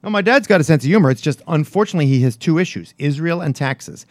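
A man's voice: a little high, animated, quick pace, no echo. A man, co-hosting a casual radio show, wry and self-deprecating as he tells stories. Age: 50s. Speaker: radio show co-host and newspaper writer. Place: radio studio.

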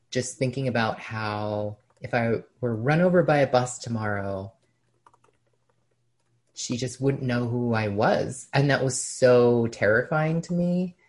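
Deep-voiced woman telling a personal story. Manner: reflective, with frequent "um" pauses and soft laughs. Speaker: podcast guest. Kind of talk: casual conversational storytelling.

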